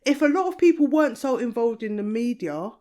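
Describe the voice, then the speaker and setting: A woman with an English accent, co-hosting a casual chat podcast, emphatic and quick to jump in. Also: fairly high pitch, lively intonation, mellow. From England. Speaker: podcast co-host.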